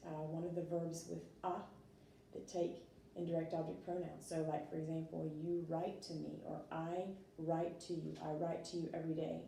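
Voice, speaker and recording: A woman walks students through a lesson, patient and full of little fillers. Her voice is dark and mellow. She sits back from the mic in a very echoey room with a faint hiss underneath. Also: lowish voice, distant mic. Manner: patient, explains step by step with fillers. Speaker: French teacher. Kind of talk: recorded classroom lesson.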